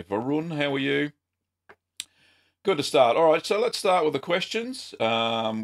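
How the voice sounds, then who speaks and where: An Australian man hosting a casual live-stream question-and-answer show, chatty and relaxed with frequent ums. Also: medium pitch, creaky. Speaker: host.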